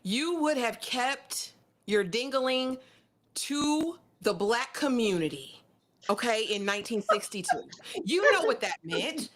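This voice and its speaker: Black woman, kinda high voice, fired up and exasperated reviewing a show. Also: sing-song, unhurried, fairly bright tone. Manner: emphatic, exasperated commentary. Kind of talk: casual review chat.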